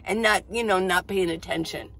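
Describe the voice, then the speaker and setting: A woman's voice: lowish voice, normal speed, gravelly, a bit bright, rough recording. A middle-aged woman hosting a casual, rambling coffee-chat vlog from her minivan. She laughs often as she talks. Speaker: vlogger. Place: inside a minivan.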